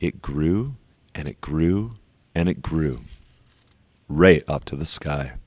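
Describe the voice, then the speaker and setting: Storybook reader: man, very deep voice, slow and emphatic, dry close sound. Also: animated, darkish tone, breathy edge, no room sound. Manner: slow, emphatic on repeated phrases. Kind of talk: storybook read-aloud.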